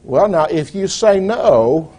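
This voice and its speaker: A man preaching a sermon in a measured, deliberate way, posing rhetorical questions to the congregation. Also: high voice, lively intonation, mellow, breathy edge.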